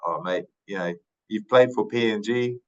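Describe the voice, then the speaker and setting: Low-voiced man, unhurried, lo-fi sound. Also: a little mellow. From Papua New Guinea. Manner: thoughtful, unhurried, many fillers and restarts. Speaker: podcast guest, retired rugby league player. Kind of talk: casual interview storytelling.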